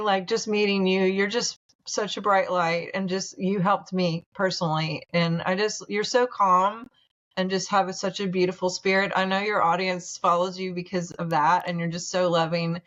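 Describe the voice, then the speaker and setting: Woman on a podcast, low-ish voice, earnest and gushy, kinda dull lo-fi sound. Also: flat delivery, moderate pace, fairly bright tone. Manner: earnest, gushing, grows emotional. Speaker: guest, naturopathic doctor. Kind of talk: casual interview talk.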